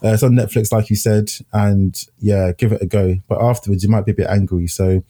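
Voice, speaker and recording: Husky low-voiced man reviewing films. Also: fairly quick. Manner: relaxed, laughs easily. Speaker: podcast co-host. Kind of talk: casual film review chat.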